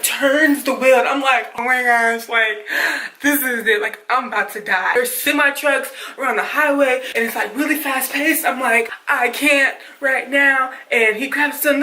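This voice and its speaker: A woman vlogger telling a dramatic story casually, in an animated way with lots of fillers. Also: a little high, reverberant, poor audio.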